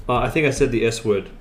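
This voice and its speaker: A man's voice: medium pitch, slight background noise. A middle-aged man hosting a craft live stream in casual, self-mocking chat, laughing often. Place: home room. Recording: echoey room, faint ambience.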